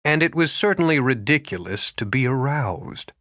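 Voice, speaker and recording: A male narrator reading a romance novel, with expressive storytelling. His voice is animated, with plenty of pitch movement. The sound is close and dry, with no room around it. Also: moderate pace, dry recording. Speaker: audiobook narrator. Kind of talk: scripted narration.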